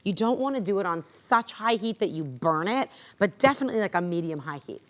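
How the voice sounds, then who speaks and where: A woman's voice: medium pitch, animated, fairly quick. A woman hosting a cooking show, explaining a recipe step by step in an encouraging way. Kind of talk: cooking demonstration.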